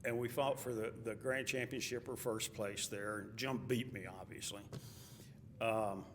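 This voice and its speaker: A man's voice: mid-range voice, steady tone, moderate pace, a bit bright. A man with a Texas accent telling a chuckling personal story at a memorial. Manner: chuckling, anecdotal. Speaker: eulogy speaker. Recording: hall reverb, faint ambient noise.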